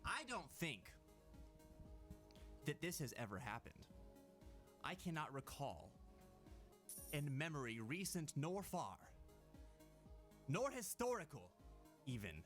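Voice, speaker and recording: A man chatting on a live stream, thanking viewers and breaking into excited shouted exclamations. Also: fairly high pitch, takes it slowly, long pauses, soft background music.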